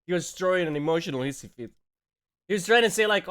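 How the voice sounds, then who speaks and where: A man's voice: sits high, animated, fast talker, fairly bright tone, clear, resonant tone. A man who is not a native English speaker, streaming casual reaction commentary in a mocking, sarcastic tone, laughing often and dropping slang like bro and man.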